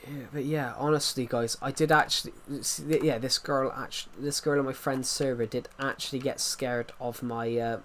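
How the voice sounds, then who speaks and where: A man's voice: mid-range voice, fairly even intonation, moderate pace, hardly any pauses, a bit bright, a little hiss or hum. An English man chatting casually on a livestream, rambling with many restarts and fillers, his throat sore. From England. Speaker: livestream host.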